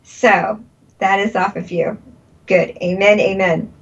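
A woman's voice: mid-range voice, fairly even intonation, slow pace, vocal fry, breathy edge, dull audio. A woman leading a guided energy healing session, soothing and repeating breathing cues, laughing often. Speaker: energy healer.

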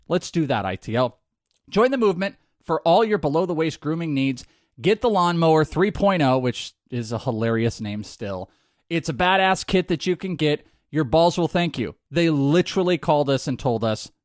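Excitable, loud-swinging male podcast host. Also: fairly high pitch, no echo, studio quality. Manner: loud, excitable, jokey, swings into goofy voices. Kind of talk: energetic podcast banter and ad read.

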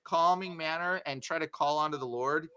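Man, bright, a bit high, animated casual storyteller. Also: moderate pace, clear, resonant tone, no echo. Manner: animated, acts out voices in his stories.

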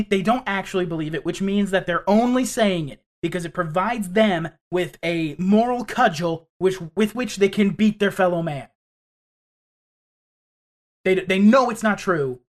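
Blunt, swearing woman in casual chat. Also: mid-range voice. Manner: blunt, swears freely, repeats herself.

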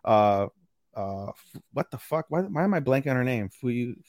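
A man's voice: mid-range voice, sing-song, moderate pace, darkish tone, dry recording, studio quality. A man casually recapping an anime episode on a podcast, rambling, stumbling over names and swearing now and then. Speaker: podcast co-host.

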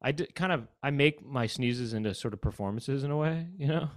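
A man's voice: medium pitch, fairly quick, dry recording, studio quality. A man co-hosting a comedy podcast, rambling through casual chat and breaking into silly sneeze bits. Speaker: podcast co-host.

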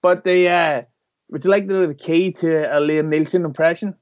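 A man chatting casually on a podcast, telling rambling deadpan jokes with lots of fillers. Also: on the high side, normal speed, lo-fi sound. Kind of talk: casual comedic chat.

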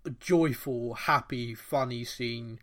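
A man co-hosting a casual podcast chat, excitedly retelling scenes and laughing often. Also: mid-range voice, slow pace. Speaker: podcast co-host.

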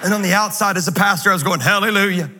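A man preaching a sermon in an energetic, joking, conversational way. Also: sits high, rapid-fire. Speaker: guest pastor. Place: large church auditorium. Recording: reverberant hall, faint noise.

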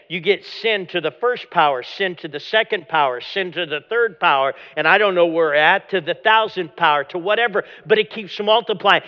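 A man preaching a dramatic sermon as pastor, often dropping to a low hush at the end of a phrase. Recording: long hall reverb, dull lo-fi sound.

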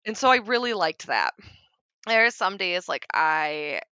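Middle-aged woman guest, bright tone, dry close sound, candid with dark humor. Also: lowish voice, big pitch swings, measured pace, clean tone, no room sound, muffled recording. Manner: frank, darkly joking, soft-spoken at times. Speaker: podcast guest. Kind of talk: candid conversation about grief.

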